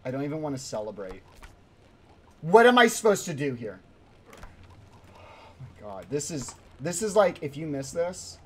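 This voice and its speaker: A young man livestreaming a hard climbing game, talking to his chat in a panicky, pleading way, often repeating himself and sometimes shouting. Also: fairly high pitch, very animated, normal speed, slight background noise. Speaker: livestreaming gamer. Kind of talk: live gameplay commentary.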